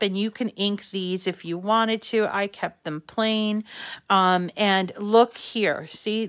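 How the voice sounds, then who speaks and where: A woman's voice: medium pitch, a bit bright. Chatty woman with a slight lisp. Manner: chatty, self-deprecating, thinks aloud. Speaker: crafting channel host. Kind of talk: casual craft tutorial.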